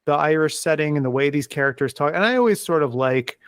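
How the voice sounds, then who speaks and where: Male podcast panelist, slightly high, enthusiastic and chatty, dry recording. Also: expressive, fast talker, fairly bright tone, clear, resonant tone, dry recording. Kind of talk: casual film discussion.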